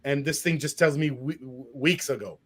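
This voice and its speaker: A man hosting a casual talk show, reading out comments with animated indignation and laughing as he goes. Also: on the high side, normal speed. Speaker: podcast host.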